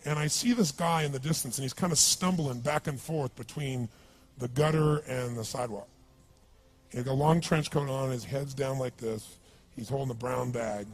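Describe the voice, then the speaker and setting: A man's voice: mid-range voice, darkish tone, slightly rough. A man giving a motivational seminar talk, telling a story with energy and asking the crowd questions. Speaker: motivational speaker.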